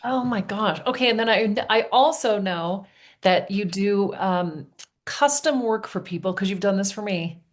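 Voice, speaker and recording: A woman's voice: medium pitch, unhurried. Older female host, casual and enthusiastic, mid-range voice. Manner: enthusiastic, exclaiming. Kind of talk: casual interview chat.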